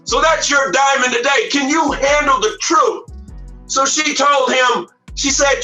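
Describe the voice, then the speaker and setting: A man giving a motivational speech, emphatic and repetitive, often raising his voice to a shout. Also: very high voice, fairly even intonation, unhurried. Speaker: motivational speaker. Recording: echoey room, far from mic, faint music.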